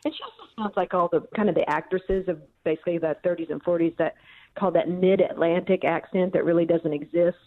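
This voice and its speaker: A woman guest speaks over a thin, tinny phone connection, her voice a touch low. She tells stories patiently, pausing with ums as she recalls details. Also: fairly even intonation. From central Missouri. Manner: thoughtful storyteller with frequent ums. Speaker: author and guest. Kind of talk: phone interview.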